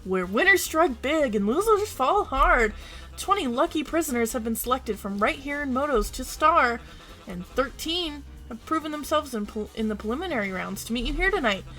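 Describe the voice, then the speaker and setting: A woman voicing a dramatic game show announcer in a video game, reading the lines aloud with a grand, drawn-out delivery. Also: high-pitched, expressive, a bit bright, faint music behind.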